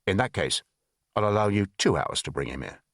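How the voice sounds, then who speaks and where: A man's voice: low-pitched, big pitch swings, fairly quick, fairly bright tone, dry recording, studio quality, full character voice. A man voicing a stern senior Soviet intelligence officer who gives curt commands. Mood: commanding.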